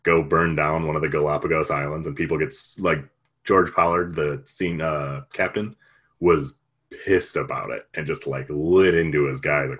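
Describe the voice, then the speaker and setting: A man's voice: a bass voice, fairly even intonation, moderate pace, fairly bright tone, breathy edge. A man retelling a story in casual chat, rambling and jokey, with lots of fillers.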